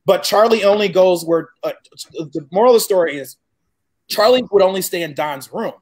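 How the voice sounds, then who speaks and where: Animated, profane man telling a story. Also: sits high, normal speed. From Chicago. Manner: animated, profane, acts out quoted dialogue. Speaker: guest. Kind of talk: casual storytelling.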